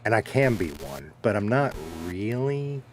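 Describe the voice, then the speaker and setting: A man's voice: on the low side, sing-song, measured pace, slight background noise. Laid-back Southern man chatting. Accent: American Southern. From Southern United States. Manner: laid-back, rambling, swears casually. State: dehydrated. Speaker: streamer. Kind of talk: casual chat with stream chat.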